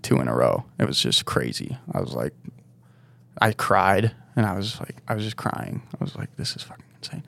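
Gravelly laid-back young man rambling. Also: fairly low pitch, no room sound. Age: young adult. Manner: rambling, laid-back, filler-heavy with "like" and "dude". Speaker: guest snowboarder. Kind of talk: casual podcast storytelling.

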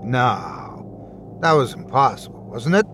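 A man narrating a scary story in an expressive, storytelling way. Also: medium pitch, slow pace, a little hiss or hum. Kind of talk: scripted horror story narration.

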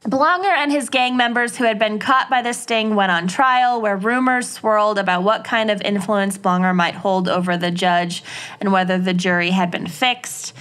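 A woman's voice: mid-range voice, steady tone, normal speed, a bit bright. A woman co-hosting a podcast, narrating a true-crime case from her notes with casual, chatty asides.

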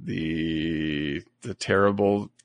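A man's voice: sits low, steady tone, drawn-out words, no room sound. A man co-hosting a podcast, chatting casually and enthusiastically about animals and nature, laughing often. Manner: enthusiastic, laughs often, self-described science geek. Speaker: podcast co-host. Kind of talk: casual science chat.

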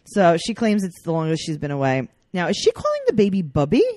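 A woman's voice: lowish voice, huge pitch swings, fairly quick, dark tone. A woman co-hosting a casual chat, recapping a reality show and mocking the people in it with silly put-on voices. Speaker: podcast co-host.

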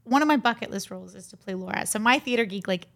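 A woman's voice: medium pitch, quick pace, creaky. A woman co-hosting a podcast, chatting eagerly with her guest and using many filler words. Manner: enthusiastic, many likes and fillers. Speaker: podcast co-host. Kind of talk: casual interview chat.

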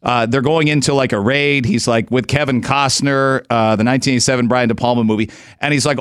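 A man's voice: medium pitch, steady tone, fast, a bit bright, smooth, no room sound. A male radio host in casual, joking studio talk, rambling through stories.

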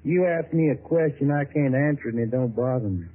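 A man's voice: mid-range voice, fairly quick, lightly acted. An actor playing a folksy, wheedling middleman in a 1950s radio drama. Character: smooth-talking Southern middleman, called Dixie. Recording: tinny lo-fi old radio broadcast.

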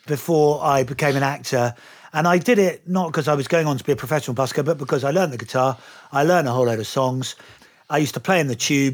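A middle-aged English actor telling animated stories and laughing easily over a relaxed lunch interview. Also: male voice, medium pitch. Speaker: guest actor.

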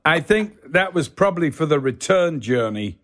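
An older man from England, a guest telling stories in casual conversation, acting out the people in them with lively put-on voices. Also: on the high side, normal speed, slight background noise. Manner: animated, acts out the people in his stories in shifting voices. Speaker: guest actor telling anecdotes. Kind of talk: casual podcast storytelling.

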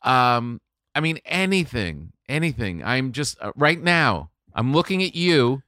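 Bright, lively-voiced comedian man. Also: mid-range voice, a little slow, dry recording, studio quality. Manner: chatty, laughs often, candid about emotions. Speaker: comedian guest. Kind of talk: casual chat.

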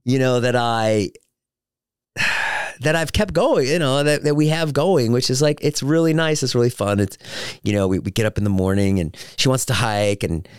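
A man's voice: mid-range voice, normal speed, clean tone, no room sound, clean studio sound. A man hosting a solo podcast, telling joking, rambling anecdotes with lots of fillers and restarts. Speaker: podcast host.

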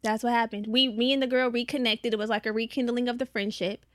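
A woman co-hosts a casual podcast, telling her stories in animated, slang-heavy talk. Her voice sits fairly high, and it is recorded dry and close with no room sound. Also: fast, no echo. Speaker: podcast co-host.

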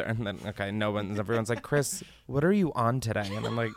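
A man's voice: fairly low pitch, brisk, hardly any pauses, no room sound. A man hosting a podcast in casual chat, rambling, laughing often and swearing freely. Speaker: podcast host.

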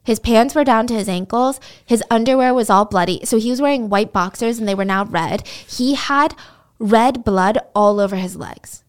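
A woman's voice: on the high side, normal speed, clean tone. A woman host retelling a true crime case in a conversational way, with indignant asides. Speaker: podcast host.

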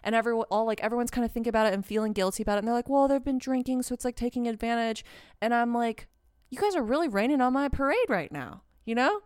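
A young woman telling a story in casual chat, animated and swearing, with lots of "like". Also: fairly high pitch, quick pace. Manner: animated, swearing, heavy use of "like". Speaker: podcast co-host.

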